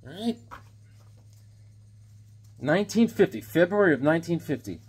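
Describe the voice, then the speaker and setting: Husky, animated man in his seventies. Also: a little high, normal speed. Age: 70s. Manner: enthusiastic, rambling, jokey. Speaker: comic book collector showing a haul. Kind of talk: casual haul video chat.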